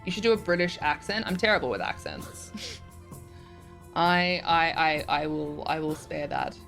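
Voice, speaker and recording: Woman streamer, casual chat, reads messages aloud, giggly, soft music behind. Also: sits low, lively intonation, measured pace, creaky. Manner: chatty, reacts aloud, giggles often.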